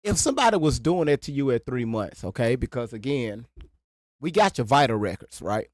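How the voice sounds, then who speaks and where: A man hosts a live stream in a loose, blunt way, loud and quick to swear. His voice sits in a middle register and sounds dry and close, with no room around it. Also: medium pitch, very animated, dry recording. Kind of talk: casual live stream chat.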